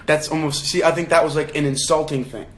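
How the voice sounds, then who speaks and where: A man's voice: fairly high pitch, fairly even intonation, fast, slight background noise. A young man hosting a casual livestream book chat, thinking aloud with frequent restarts and questions to his viewers. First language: English. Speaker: livestream host leading a book discussion.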